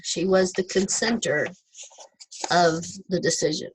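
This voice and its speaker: Slow, deliberate woman teaching English. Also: lowish voice, a little hiss or hum, poor audio. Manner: slow, deliberate, spelling out word forms with example sentences. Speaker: ESL teacher. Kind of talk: recorded online lesson.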